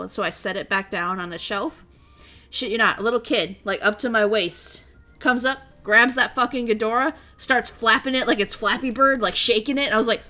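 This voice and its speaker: A woman's voice: a little high, fairly quick, sharp tone, soft background music. A young woman from Minnesota, a streamer telling stories in casual chat, rambling and swearing freely. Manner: rambling, profane storytelling.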